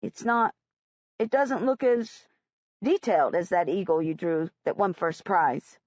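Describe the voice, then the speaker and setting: A woman doing a soft, hesitant dad. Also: fairly low pitch, animated, measured pace, dry recording, dull audio, voice pushed down. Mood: puzzled. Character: gentle middle-aged father, puzzled and tender.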